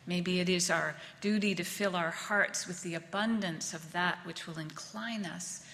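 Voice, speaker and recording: A woman minister giving a reflective sermon, speaking gently and letting words trail off softly. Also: lowish voice, steady tone, a little slow. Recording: long reverb of a large hall.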